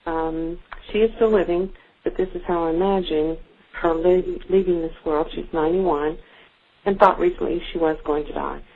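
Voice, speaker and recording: An older woman reading her own story about her mother aloud, gentle and unhurried, with a few fillers. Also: lowish voice, fairly even intonation. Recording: narrow phone-like sound.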